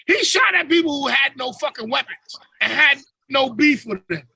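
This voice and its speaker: A man's voice: extremely high pitch, animated, normal speed, creaky, sharp tone, no echo, rough recording. A man hosting a podcast over a video call, telling stories in a casual, profane, slang-heavy comedic rant. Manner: profane, storytelling with swearing and slang. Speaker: podcast host.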